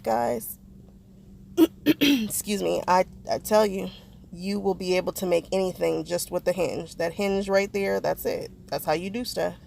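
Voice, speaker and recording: Narrating a craft project, this vlogger talks casually to her viewers and jokes about the mistakes she makes. Her voice is lowish, creaky and darkish, with slight background noise.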